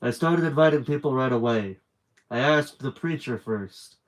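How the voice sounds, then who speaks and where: Male reader, steady plain narration for a children's book, mid-range voice. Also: medium pitch, moderate pace. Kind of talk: live read-aloud of a children's book.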